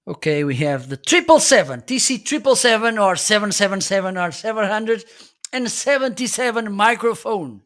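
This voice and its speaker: A man's voice: high voice, animated, normal speed, fairly bright tone. A man hosting a live stream, giving a casual product demo of desk microphones and often checking in with "okay?". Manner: chatty, keeps checking in with "okay?". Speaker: live-stream host reviewing gear. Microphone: desk USB microphones being tested.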